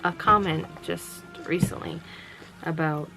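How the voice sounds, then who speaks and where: Gravelly-voiced woman chatting late at night. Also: lowish voice, steady tone, unhurried, over music, rough recording. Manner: rambling, chatty, with many fillers and restarts. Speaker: vlogger running a small sewing business. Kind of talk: casual chat. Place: home workroom.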